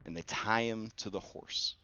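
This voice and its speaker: A man narrating a tabletop game as game master, telling events slowly with many fillers. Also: lowish voice, pushed and bright, clear, resonant tone. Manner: slow, graphic storytelling with many fillers. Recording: dull lo-fi audio.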